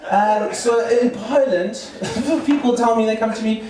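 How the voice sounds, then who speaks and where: A man's voice: very high voice, fairly even intonation, a little slow, darkish tone. A man in his thirties with a South African accent, performing a rambling stand-up comedy set full of fillers and restarts. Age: 30s. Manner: rambling, self-interrupting delivery with many fillers. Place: comedy club open mic. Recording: echoey room mic from far off with crowd laughter. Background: audience laughter.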